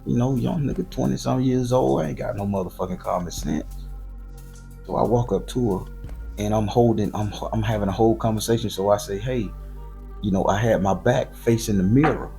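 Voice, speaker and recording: Gravelly low-voiced Southern man telling a story. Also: brisk, soft background music. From southern Florida. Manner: loose, profane and animated, with slangy repetition. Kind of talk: casual profane storytelling.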